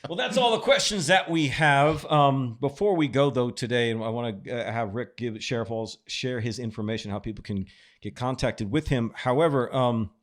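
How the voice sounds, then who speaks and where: This man hosts a podcast, speaking at medium pitch and a moderate pace. He tells stories animatedly during casual conversation and often breaks into laughter.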